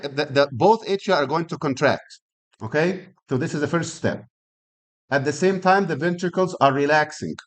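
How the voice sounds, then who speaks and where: A man with a slightly higher-pitched voice gives a classroom lecture on anatomy. He keeps asking the class rhetorical questions, repeats himself as he works through an idea, and demonstrates points with his own body. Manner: explains by rhetorical questions, repeats and restarts phrases; uses physical demonstrations while explaining. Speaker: anatomy and physiology instructor.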